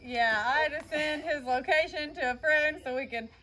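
A woman with a slightly hoarse voice, chiming in quickly during a casual vlog. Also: high-pitched, sharp tone. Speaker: co-host.

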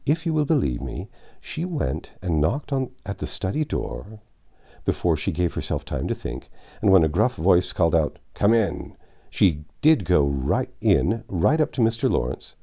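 Male narrator reading a classic novel, dark, husky delivery. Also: deep voice.

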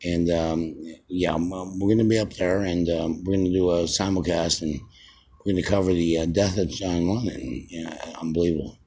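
A man in his fifties rambling as a self-styled radio host, halting with many fillers and restarts. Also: deep voice, steady tone, a little mellow, breathy edge. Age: 50s. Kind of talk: rambling mock radio broadcast.

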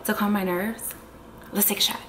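A woman's voice: medium pitch, fairly even intonation, moderate pace, bright, forceful tone. A woman talking casually to her viewers in a vlog, chatty and nervous. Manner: chatty, talks to viewers as y'all. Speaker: vlogger. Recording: echoey room with faint noise.

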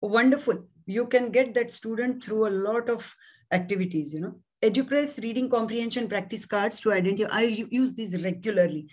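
A woman's voice: fairly high pitch, fairly quick. Chatty Singaporean woman teacher giving a webinar. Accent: Singaporean English. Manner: chatty, warm teacherly, frequent fillers and restarts. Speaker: specialist teacher presenting a webinar. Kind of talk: webinar presentation.

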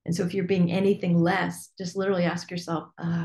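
A woman's voice: lowish voice, level tone, brisk, few pauses, darkish tone. A woman coach hosting a group call, talking casually and candidly, laughing often and swearing lightly. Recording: echoey room.

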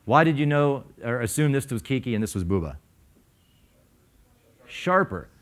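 A man's voice: medium pitch, very animated, normal speed. A man speaking to a live audience at a conference, conversational and quizzing the crowd, with frequent uh fillers. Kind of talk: conference talk with audience questions. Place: lecture room before a live audience.

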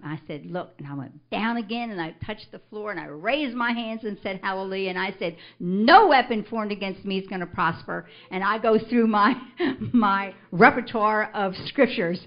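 An older woman, a grandmother, gives her testimony as a church member during a church service, speaking at medium pitch and a moderate pace. She tells the story animatedly and swells into emphatic scripture declarations, in a muffled, lo-fi recording.

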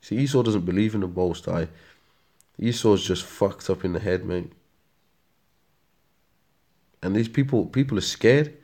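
Low-voiced rambling British preacher man. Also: normal speed, darkish tone. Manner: rambling, stumbles over words while reading aloud; slangy, ends lines with "man" and "mate". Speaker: street preacher. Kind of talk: casual preaching monologue.

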